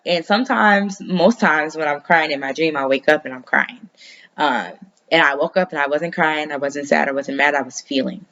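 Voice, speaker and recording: In a casual personal chat, an astrology vlogger wanders loosely through her dreams and astrology, swearing as freely as she likes. Her voice sits low but has a fairly bright tone, heard through dull audio.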